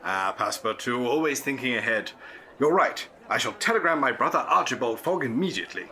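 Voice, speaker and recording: An actor playing an eccentric, jolly English gentleman adventurer in a comic radio play, plummy and prone to chuckling. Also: mid-range voice, lively intonation, fairly quick. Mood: playful.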